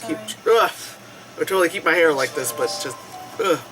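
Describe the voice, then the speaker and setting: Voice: medium pitch, animated, normal speed. A movie reviewer giving casual reaction commentary, laughing often, swearing freely and mimicking the characters. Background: film soundtrack music playing.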